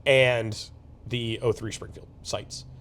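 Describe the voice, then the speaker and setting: A man's voice: mid-range voice, steady tone, slow, a bit bright. A young man co-hosting a casual chat outdoors, giving firm opinions and often repeating words as he starts a point. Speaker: co-host. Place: outdoors at a shooting range.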